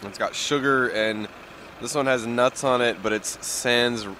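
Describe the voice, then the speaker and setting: A man chatting casually in a dry, low-key way on a balcony above a busy street. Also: unhurried, pushed and bright. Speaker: co-host. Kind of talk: casual chat. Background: street traffic.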